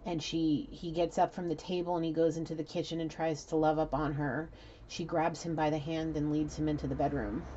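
Low-voiced, chatty woman doing a reading. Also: a little fast, lo-fi sound, a little hiss or hum. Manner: animated, chatty storytelling with fillers. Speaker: tarot reader. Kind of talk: casual spiritual reading.

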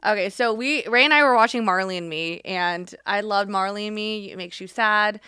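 A woman's voice: moderate pace, smooth, dry recording, clean studio sound. A woman co-hosting a podcast, chatting casually and acting out quoted lines as she tells a story. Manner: animated storytelling, acts out quotes with shifting pitch. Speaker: podcast co-host. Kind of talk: casual chat.

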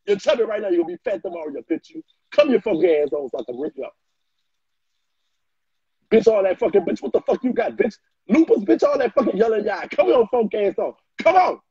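A man doing a loud, flamboyant ranting reaction video, trading in trash talk and frequent shouting. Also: sits high, slightly rough, dry recording. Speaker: social media personality. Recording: muffled lo-fi dry recording.

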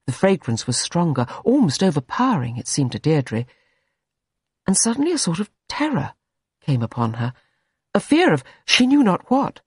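A reader narrating a classic short story in a measured storytelling manner. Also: medium pitch, a little mellow, breathy edge, no room sound, studio quality. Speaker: audiobook reader. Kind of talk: scripted narration.

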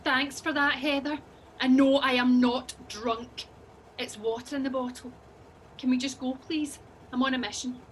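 A woman's voice: sits high, flat delivery, normal speed, a little hiss or hum, close to an everyday voice. An actress with a Scottish accent playing a flustered, tearful and snappish woman passenger in an audio drama. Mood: weary. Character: frazzled woman passenger, nervy and defensive.

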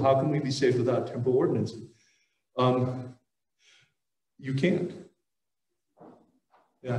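Heard from across a roomy conference hall, a man delivers a lighthearted religious talk and takes questions from the audience, often restarting and using fillers. His voice is mid-range and mellow, picked up by a distant mic.

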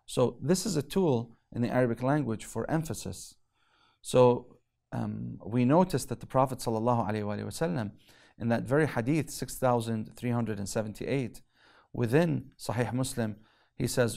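A male religious lecturer giving a theology lesson, reciting Arabic quickly and explaining in English with emphatic pauses. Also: mid-range voice, creaky, darkish tone.

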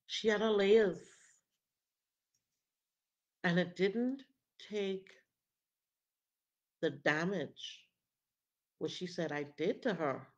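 A woman speaks in a low voice, telling a personal testimony as a prophetess. She tells it vividly and acts out what others said. The recording sounds dull and lo-fi. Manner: animated, acts out the other people's lines. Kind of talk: testimony storytelling.

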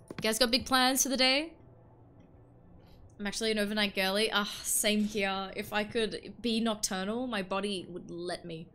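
Lively playful woman streamer in her twenties. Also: mid-range voice, a little hiss or hum. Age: 20s. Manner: playful, teasing, laughs often. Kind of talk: casual gaming livestream chat.

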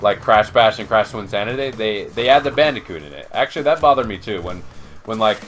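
A man's voice: on the low side, animated, brisk, a bit bright, soft background music. A young man hosting a let's play, rambling in casual gaming chat with many restarts and curses. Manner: rambling, lots of restarts and swearing.

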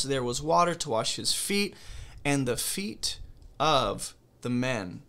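A man teaching from the Bible in a relaxed, conversational way, with a bright and forward tone. He reads passages aloud, then stops to explain them and ask questions. He keeps checking in with the listener as he goes. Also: mid-range voice, slow pace, hardly any pauses.

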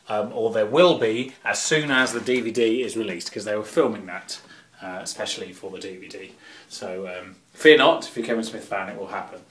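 A man wrapping up his vlog in a relaxed, casual way, filling pauses with ums and uhs. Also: lowish voice, roomy sound, a little hiss or hum. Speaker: vlogger. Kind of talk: casual vlog talk to camera.

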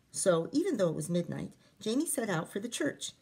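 A woman teacher reading a picture book aloud to children, expressive, with chatty asides to her listeners. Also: medium pitch, brisk, creaky, hardly any pauses, slightly rough.

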